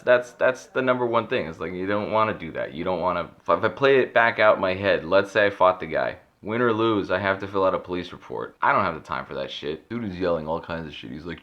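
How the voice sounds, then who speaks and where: An American man tells a story to camera as a heated, profane rant. His voice sits low but has a bright, forceful edge. He often trips over restarts as he gets worked up. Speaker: vlogger.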